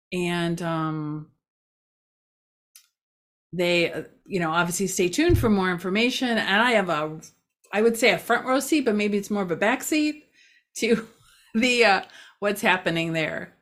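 A woman giving a casual local news update outdoors near a parking lot, chatty and rambling, with many fillers and self-mocking asides. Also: mid-range voice.

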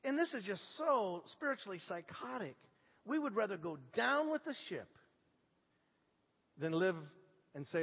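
High-voiced pastor preaching in a reverberant hall. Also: male voice, a little slow, pauses often, breathy edge. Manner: animated storytelling, swinging from hushed to shouting. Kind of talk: sermon. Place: church sanctuary. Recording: dull sound with long hall reverb.

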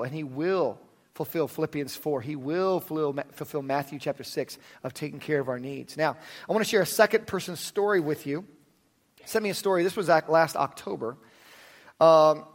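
A man preaching a sermon in an earnest manner, telling stories with energy and guiding the congregation in prayer. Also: a little high. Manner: earnest, builds to animated storytelling, then drops to soft prayer. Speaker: pastor.

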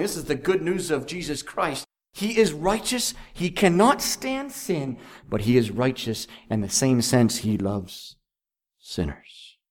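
Fervent man preaching, rising high. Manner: fervent, with big swings from loud to hushed; rhetorical questions and repetition. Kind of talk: evangelistic sermon. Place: evening meeting.

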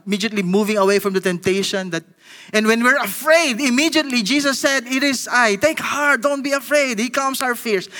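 Filipino man, preacher, sermon, high bright voice, long hall reverb. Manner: animated, switching between English and Tagalog, acting out Peter's lines.

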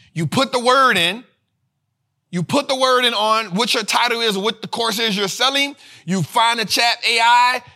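Man, high voice, bright, slangy, animated, repeats lines for emphasis. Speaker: finance show host. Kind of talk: energetic casual commentary.

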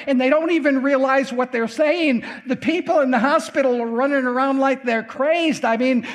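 An older man preaching a testimony sermon in a folksy storytelling way, acting out the voices of the people in his story. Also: very high-pitched. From American Midwest.

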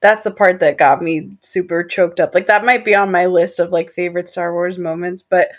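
A woman's voice: fairly low pitch, steady tone, moderate pace. A woman co-hosting a podcast, chatting casually with frequent laughs and lots of fillers. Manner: chatty, laughs often, says like a lot. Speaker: podcast co-host. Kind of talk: casual chat.

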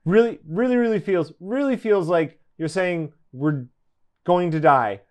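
A man playing a tabletop role-playing game, excitable and quick to panic in character. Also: sits high. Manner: excitable, talks fast when panicking. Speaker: player.

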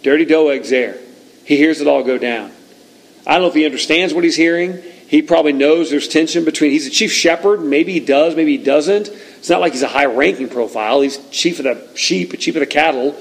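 A man preaching a sermon, reading scripture and retelling it with lively, acted-out lines. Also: on the high side, a little fast, gravelly, poor audio. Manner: animated storytelling, reads scripture aloud, acts out shouts. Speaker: pastor.

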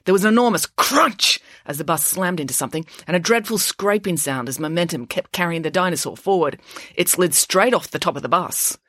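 A woman author narrating her children's adventure book aloud with an expressive storytelling manner. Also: lowish voice, fairly quick, no room sound, clean studio sound. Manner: lively, expressive reading. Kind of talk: storybook narration with character voices.

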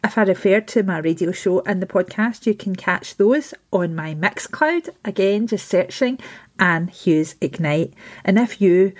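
Woman, podcast host, gentle manner, read outro, video call. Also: mid-range voice, measured pace. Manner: gentle, brief affirmations and a scripted outro. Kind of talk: podcast interview. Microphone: remote video call.

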